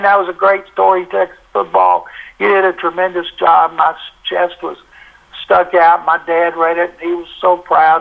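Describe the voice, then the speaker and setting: An older man spins a folksy yarn, acting out the dialogue as he goes. His voice sits a bit high and has a gravelly crackle. It comes through a tinny phone line. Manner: folksy, animated retelling with quoted dialogue. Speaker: interview guest, sportswriter. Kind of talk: anecdotal storytelling.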